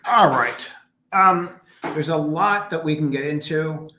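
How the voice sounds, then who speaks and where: A man's voice: fairly high pitch, a little slow, pushed and bright. A man hosting a casual trading livestream from home, talking in a rambling, emphatic way with mumbled asides. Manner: rambling, emphatic, mutters asides to his screen. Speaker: trading stream host. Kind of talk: casual market analysis livestream. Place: home room in a condo. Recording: roomy echo.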